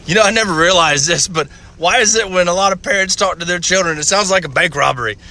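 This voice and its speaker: A man telling crude, profane jokes with deadpan setups, from inside a car. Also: sits high, fast. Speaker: comedian. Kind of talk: stand-up joke telling.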